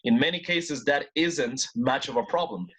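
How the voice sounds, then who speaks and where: With slight background noise, a man speaks at normal speed in a mid-range, somewhat bright voice while teaching an online English class. He's encouraging, a native Spanish speaker who code-switches with English and repeats words for drills.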